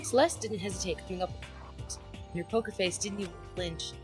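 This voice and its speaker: A woman's voice: medium pitch, a little fast. A woman reading game narration aloud to friends, plain and slightly stumbling. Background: game music.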